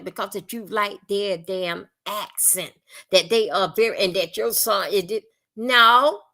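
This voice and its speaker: On a live stream, a Southern-accented woman from Florida rants bluntly and profanely, rambling and repeating herself. Her voice sits at medium pitch with a sharp tone.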